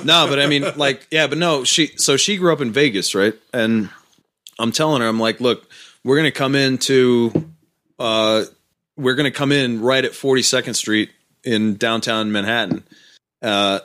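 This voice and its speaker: A man's voice: medium pitch, fairly even intonation, normal speed, fairly bright tone. Brief: man, casual storyteller, rambling and laughing. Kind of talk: casual chat.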